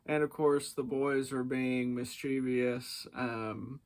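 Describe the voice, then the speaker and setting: A man's voice: mid-range voice, fairly even intonation, slow pace, darkish tone. A man casually reviewing a book, hesitant with many fillers and chuckles.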